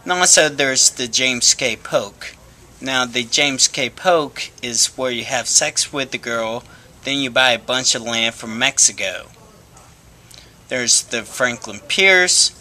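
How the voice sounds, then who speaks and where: A man's voice: medium pitch, pushed and bright. A man telling absurd jokes in a dry, matter-of-fact way, now and then stumbling over his words. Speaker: stand-up comic. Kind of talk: deadpan joke telling.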